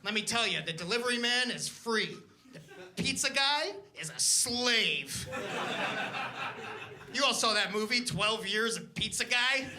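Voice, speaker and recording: A man's voice: very high voice, measured pace, long pauses. A young man from Canada doing a stand-up comedy set, telling stories with acted-out voices. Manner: animated storytelling with acted-out voices. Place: comedy club stage. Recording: live club recording with crowd. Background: audience laughter.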